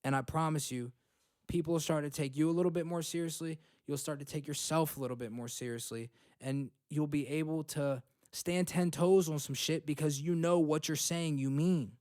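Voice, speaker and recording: A man's voice: on the high side, steady tone, normal speed, a little mellow, no room sound, studio quality. Blunt, swearing young man giving self-help advice. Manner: blunt, swears freely, repeats points with "okay?" and "right?". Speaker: podcast host. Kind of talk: motivational self-help talk. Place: home.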